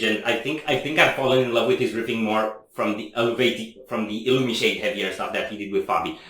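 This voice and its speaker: Excited man chatting in an echoey room. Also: mid-range voice. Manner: enthusiastic, chatty, rambling. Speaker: music reaction host. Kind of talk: casual reaction chat.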